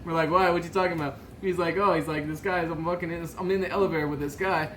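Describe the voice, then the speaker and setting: Guy rambling through a party story, laughs a lot, bit high voice, faint hiss behind. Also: steady tone, fairly bright tone, low-quality recording. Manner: rambling, quick to laugh, acting out other people's lines. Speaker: podcast co-host. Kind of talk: casual chat.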